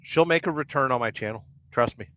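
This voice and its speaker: A man's voice: mid-range voice, brisk, pushed and bright, no echo. A middle-aged man hosting a casual trucker livestream, reading viewer comments with wry, rambling banter. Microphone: podcast-style audio only. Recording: dull lo-fi dry stream audio.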